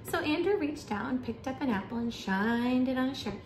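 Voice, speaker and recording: A woman, a preschool teacher, reading a picture book aloud to children with animated, exaggerated storytelling. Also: high voice, moderate pace. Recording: echoey room with faint hiss.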